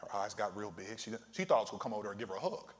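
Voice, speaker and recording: A man's voice: lowish voice, lively intonation, very fast. A man preaching a fervent sermon as pastor, calling out to the congregation again and again. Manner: fervent preaching with repeated call-outs. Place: church sanctuary. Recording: echoey hall reverb.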